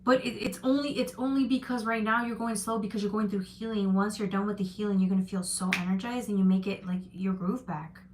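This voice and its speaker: A woman's voice: mid-range voice, fairly even intonation, brisk, hardly any pauses, slight background noise. A woman giving a live-stream tarot reading, chatting loosely and reading out viewer comments with frequent restarts. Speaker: tarot reader.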